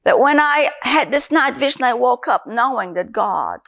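A woman's voice: sits high, expressive, normal speed, gravelly, a bit bright. A woman from Africa, a Christian minister, giving an earnest sermon with her personal testimony and repeating key phrases for emphasis.

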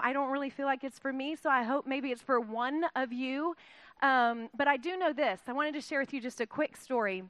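A woman's voice: fairly high pitch, a bit bright, no echo. A middle-aged woman giving an informal, self-deprecating sermon, laughing often. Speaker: guest speaker filling in at church.

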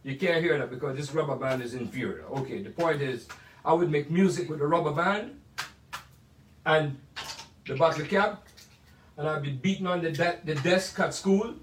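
A man's voice: fairly high pitch, a little hiss or hum. Older Jamaican man in an echoey room. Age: 80s. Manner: chatty, playful, drawn-out asides. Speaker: musician sharing memories. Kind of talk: casual storytelling monologue. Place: home music room. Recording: echoey room, mic at a distance.

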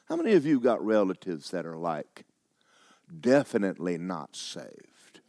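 A man's voice: low-pitched, animated, measured pace, a little mellow, no echo. A man preaching a sermon as pastor, mixing joking asides with fervent calls.

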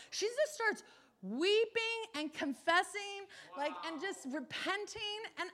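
A woman preacher telling a testimony in a sermon, animated, acting out the people she quotes. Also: very high-pitched, slow.

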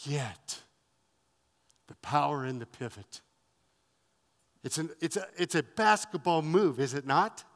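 A man's voice: a little high, expressive, a little slow, pauses often, fairly bright tone, long reverb tail. A man preaching a sermon as pastor, driving his points home with emphatic repetition.

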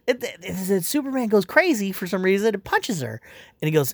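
A man's voice: on the high side, animated, a little fast, no echo. A man ranting casually as a comic fan, swearing often and rambling with exasperation. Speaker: comic fan reviewing a movie. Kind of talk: casual rant.

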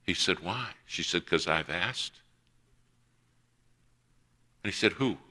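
A man's voice: low voice, takes it slowly, sharp tone. A man preaching a sermon, telling a personal story and acting out the voices of the people in it.

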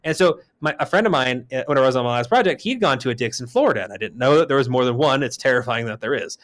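A man from Arizona co-hosting a podcast, telling a story in casual chat with a profane, heated delivery that jumps to shouting. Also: medium pitch, expressive, fast. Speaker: podcast co-host.

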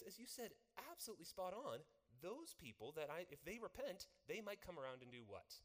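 A man preaching a sermon, animated and quizzing his congregation with questions. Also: high-pitched, a little fast, few pauses. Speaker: pastor. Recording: long hall reverb.

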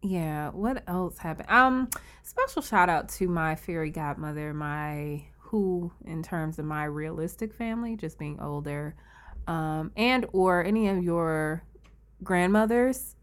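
A woman's voice: fairly low pitch, a little slow, clear, resonant tone. Chatty woman host moving topics along. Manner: chatty, moves topics along, laughs often. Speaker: podcast host. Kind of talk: casual chat.

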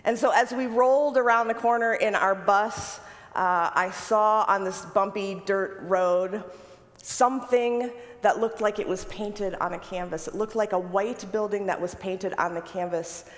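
A woman preacher telling a story from the pulpit in an unhurried, vivid way. She repeats phrases for weight and her pitch sits in a middle range. Her voice carries a long hall reverb. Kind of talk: sermon storytelling.

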